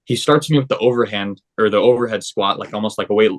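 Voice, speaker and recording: A man's voice: fairly low pitch, quick pace. A young man, a podcast guest, casually recounting his story and acting out the lines of the people in it. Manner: animated, acts out quoted dialogue.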